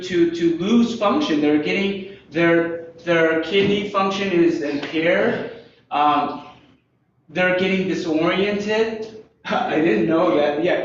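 Lively male Bible teacher, higher voice with big swings, echoey lo-fi room. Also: slight background noise. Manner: animated, asks listeners questions, laughs often. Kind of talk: interactive Bible lesson.

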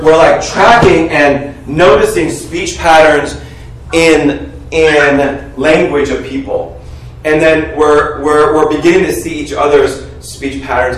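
A man preaching a sermon, calling on the congregation to finish his sentences and shout out answers. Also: on the high side. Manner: animated, coaxes the congregation to call out answers. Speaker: pastor. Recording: echoey room, heard from a distance.

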